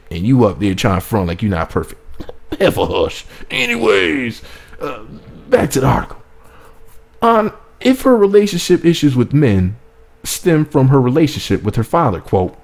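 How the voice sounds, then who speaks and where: A man's voice: medium pitch, a little mellow. A man reading a celebrity gossip article aloud and breaking off into profane, joking commentary. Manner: profane, playful and irreverent, keeps interrupting himself. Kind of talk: reading an article with off-script comedic asides.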